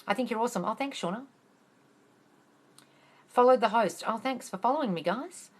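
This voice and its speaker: Speaking at a normal speed in an expressive voice that sits on the high side, a woman coaches manifesting during a live Q&A streamed casually from her phone. She is blunt and emphatic, rants heatedly, swears freely, and calls viewers darling.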